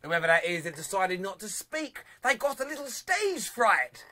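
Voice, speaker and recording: A young man hosts a live football phone-in, chatting with callers and reading out viewer comments. His voice sits high and sounds bright and forceful, and he laughs loudly and often. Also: very animated, normal speed. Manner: reads viewer comments aloud. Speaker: phone-in show host.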